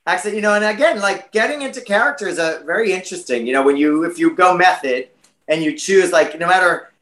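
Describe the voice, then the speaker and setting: Brief: American man, chatty interview guest, high and bright, roomy echo. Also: quick pace. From United States. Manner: chatty and animated, many fillers. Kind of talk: casual interview chat.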